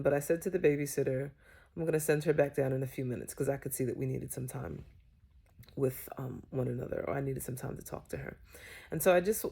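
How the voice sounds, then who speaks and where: Woman parenting creator, deep and creaky, relaxed chatty storytelling with ums. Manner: unhurried, chatty with frequent fillers. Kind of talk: casual personal storytelling.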